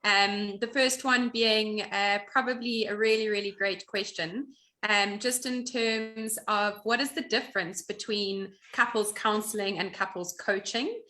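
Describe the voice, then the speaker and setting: A woman's voice: mid-range voice, steady tone, unhurried, bright, forceful tone. A woman co-hosting, asking long, rambling questions with enthusiasm. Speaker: co-host.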